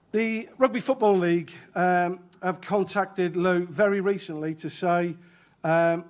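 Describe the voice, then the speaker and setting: A man from the UK chairing an event and giving a joking, chatty welcome speech in a function room. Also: high voice. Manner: joking, self-deprecating, chatty. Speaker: chair of rescue organisation, event speaker.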